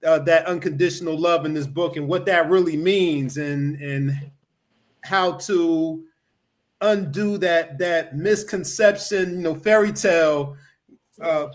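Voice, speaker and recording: A man's voice: fairly high pitch, a little slow. A man hosting a casual podcast chat over a video call, rambling with lots of "you know" fillers.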